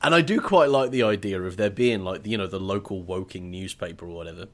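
Playful man with a low voice. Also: quick pace. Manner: animated, playful, wry asides. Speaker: podcast co-host. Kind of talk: casual book discussion.

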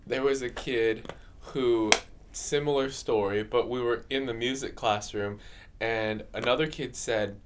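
A man co-hosting a podcast, telling a lively story in casual chat. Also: medium pitch, measured pace. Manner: animated storyteller, acting out voices. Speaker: podcast co-host. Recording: loud background noise.

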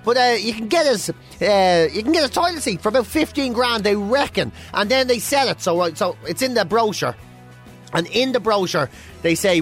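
A man co-hosting a radio chat show who tells stories in a jokey, animated way. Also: sits high, fairly quick, faint music behind. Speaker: radio co-host. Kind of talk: casual chat.

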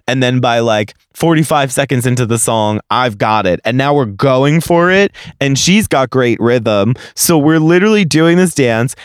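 Smooth-voiced man telling a wild story. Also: medium pitch, dry recording, clean studio sound. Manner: animated, profane, jokey storytelling. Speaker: podcast host. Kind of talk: casual storytelling monologue.

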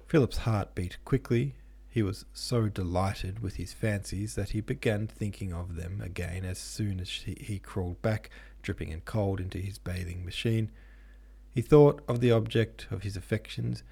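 Husky, low and dark yet mellow, this man's voice carries a measured, steady reading of a classic novel. He is a podcast host who also reads audiobooks.

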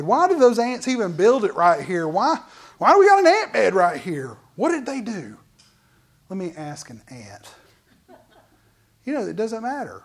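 A man pastor preaching a sermon in an animated, conversational way, full of asides to the congregation. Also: sits high. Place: church.

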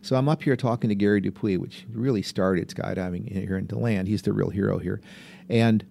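Gravelly older man telling stories. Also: fairly low pitch, fairly quick, warm tone, a little hiss or hum. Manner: rambling, chuckling raconteur. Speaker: veteran skydiver and guest. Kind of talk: casual anecdotal storytelling.

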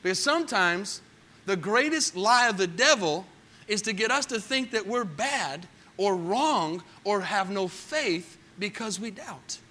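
High, bright-voiced preacher. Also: male voice, expressive, measured pace. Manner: swings from hushed storytelling to loud emphatic preaching; asks the congregation questions. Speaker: pastor. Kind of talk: sermon.

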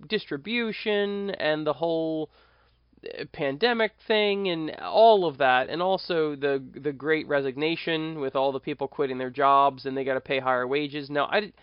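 A man's voice: fairly high pitch, moderate pace, clear, resonant tone, dry recording, lo-fi sound. Chatty American man hosting a podcast. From United States. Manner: rambling, self-correcting, conversational. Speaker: podcast host. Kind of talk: casual monologue podcast.

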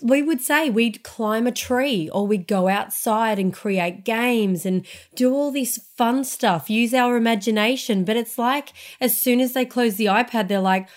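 A woman's voice: on the high side, measured pace, few pauses. A woman, chatting animatedly as a podcast co-host and acting out what her children say. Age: 30s. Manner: animated, acts out her kids' complaints. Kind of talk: casual podcast chat.

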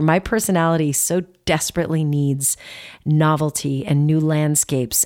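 A woman's voice: low-pitched, darkish tone. A woman in her late forties giving a motivational self-help talk, earnest and playful, stretching words out for emphasis. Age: 40s.

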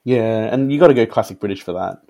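A man's voice: on the low side, fast, vocal fry, dark tone. Candid man griping about a show. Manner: candid, frustrated griping with fillers. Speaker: podcast guest. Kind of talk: casual TV review chat.

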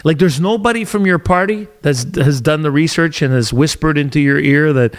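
Casting note: middle-aged man from Canada, solo podcast host, sarcastic and rambling, slightly high voice. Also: moderate pace, few pauses. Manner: animated, rambling, restarts sentences, sarcastic.

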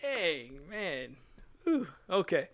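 A man's voice: high-pitched, drawn-out words, no room sound. A man co-hosting a podcast, chatting casually about racing and laughing often. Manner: laughs often, joking and animated. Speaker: podcast co-host. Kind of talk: casual chat.

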